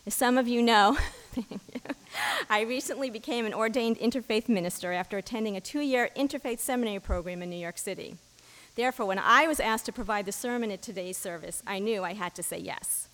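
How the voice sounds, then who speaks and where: A woman giving a sermon as an interfaith minister, reading a story in a measured storytelling voice, in a church. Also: on the high side, fairly bright tone, big-room sound, rough recording. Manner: measured storytelling, giving the blind men brief quoted lines. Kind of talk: sermon with a story read aloud.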